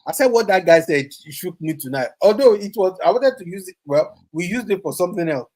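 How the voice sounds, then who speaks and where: A man co-hosting a casual commentary podcast, talking in an animated way. He laughs often and slips between English, Pidgin and Yoruba phrases as he chats. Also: high voice, a little fast. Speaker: podcast co-host.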